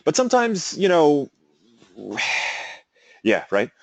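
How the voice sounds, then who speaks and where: A man's voice: a little high, huge pitch swings, extremely slow, vocal fry, dry recording. A male teacher giving a casual classroom lecture, wandering into amused side stories. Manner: casual, rambling, self-amused asides.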